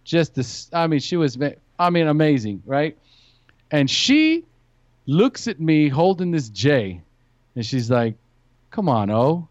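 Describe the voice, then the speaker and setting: A man's voice: fairly high pitch, animated, a little slow, no room sound. A man, a podcast guest, telling stories in casual chat and acting out his friends' voices. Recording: dry, dull lo-fi podcast audio.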